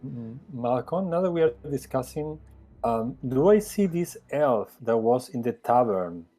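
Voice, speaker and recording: A male player speaks in character, earnest and measured. His tone is dark and mellow, with faint music under the tabletop game. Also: medium pitch, lively intonation.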